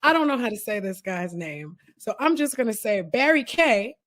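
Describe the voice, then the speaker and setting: A woman's voice: fairly high pitch, big pitch swings, moderate pace, fairly bright tone, dry recording. Female co-host, playful and teasing, close dry sound. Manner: playful, laughs often, teasing. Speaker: podcast co-host. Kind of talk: casual chat.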